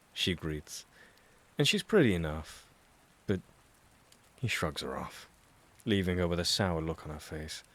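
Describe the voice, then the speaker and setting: A man narrating an audiobook, reading a chapter of fan fiction in a steady, even storytelling manner. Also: sits low.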